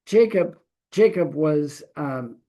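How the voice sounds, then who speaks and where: A middle-aged man giving a Torah teaching as a sermon, animated and acting out quoted voices. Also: fairly high pitch, takes it slowly.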